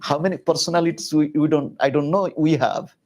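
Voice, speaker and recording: A man giving a public spiritual talk, telling a story in an animated, conversational way with casual asides. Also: a little high, brisk. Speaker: spiritual teacher.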